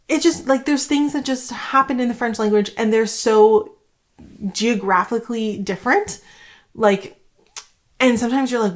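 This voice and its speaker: A woman from Canada, in her thirties, talking casually to camera about homeschooling, rambling with many fillers. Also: medium pitch. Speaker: homeschooling vlogger.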